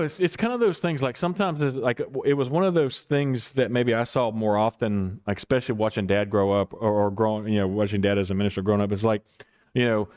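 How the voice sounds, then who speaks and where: A man's voice: mid-range voice, darkish tone, clean tone. Man leading a rambling Bible study. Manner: rambling, self-correcting, chuckling asides. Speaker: pastor.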